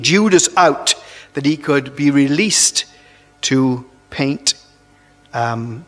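A man preaching a sermon, earnest and halting, often restarting his phrases and pushing up into emphatic rises. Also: a little high, fairly bright tone. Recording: long reverb of a large hall.

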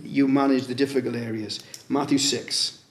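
A man's voice: medium pitch, flat delivery, moderate pace, a little hiss or hum. A man preaching a sermon in a conversational way, asking his listeners rhetorical questions. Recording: echoey room.

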